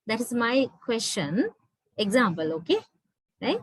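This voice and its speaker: A woman's voice: fairly high pitch, lively intonation, measured pace, no room sound, rough recording. A woman lecturer with a Sri Lankan English accent, patiently explaining in an online class and often checking in with her students.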